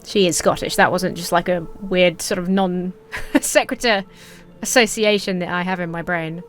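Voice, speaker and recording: A woman's voice: on the low side, moderate pace, slight background noise. Chatty woman narrating gameplay. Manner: rambling, chatty self-talk while playing. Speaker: gaming video creator. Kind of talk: let's play commentary.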